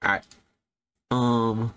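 A man giving casual, profane commentary while streaming a video game, reacting loudly when surprised. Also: mid-range voice, extremely slow, a little hiss or hum. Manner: swearing, animated, jumps to yelps when surprised. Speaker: gaming streamer.

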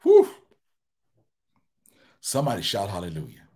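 A man's voice: lowish voice, wildly swooping pitch, measured pace, warm tone. A middle-aged male pastor preaching a sermon with emphatic, repeated declarations.

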